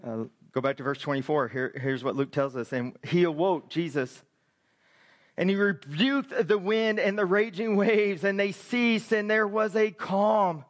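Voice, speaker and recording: A man's voice: high voice, a little slow. A man preaching a sermon to his church as pastor, emphatic and full of rhetorical questions to the congregation.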